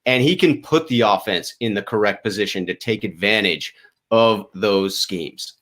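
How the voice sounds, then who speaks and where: A man from Boston, co-hosting a casual sports talk show, explaining in a measured way. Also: lowish voice, a bit bright. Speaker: co-host.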